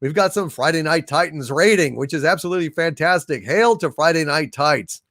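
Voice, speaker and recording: A man hosting a live stream, reading super chats aloud in a casual, halting way with many fillers. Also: on the high side, fairly bright tone, dry recording, studio quality. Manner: sings slowly.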